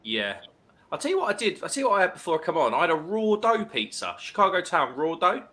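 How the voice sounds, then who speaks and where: A man's voice: sits high, big pitch swings, fast talker, bright, forceful tone. A man hosting a casual live stream, chattily reading out viewer comments and greeting people.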